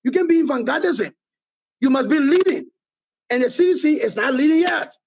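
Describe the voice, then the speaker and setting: High-voiced Liberian man, emphatic. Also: lively intonation, fairly quick, creaky, rough recording. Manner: emphatic, repeats points for force. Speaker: political movement leader, guest. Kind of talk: interview answers, political criticism.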